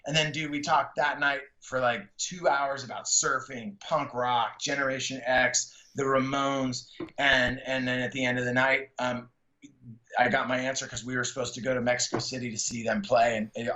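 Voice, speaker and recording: A man's voice: medium pitch, pushed and bright. A middle-aged man from the San Francisco Bay Area, a stand-up comedian guesting on an interview. He tells stories in casual slang and acts out other people's lines with a raised voice. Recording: echoey room, slightly dull sound.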